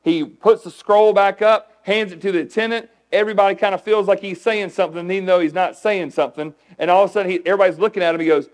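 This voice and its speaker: A man preaching a sermon as pastor, conversational and animated, asking the congregation questions. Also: sits high, fast, hardly any pauses, low-quality recording.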